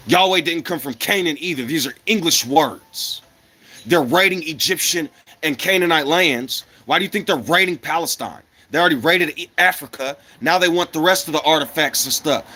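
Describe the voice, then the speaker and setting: A man's voice: mid-range voice, pushed and bright, a little hiss or hum. Blunt, profane man on an angry rant. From America. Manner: blunt, profane and combative, with repeated rhetorical questions. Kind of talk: angry monologue to the camera.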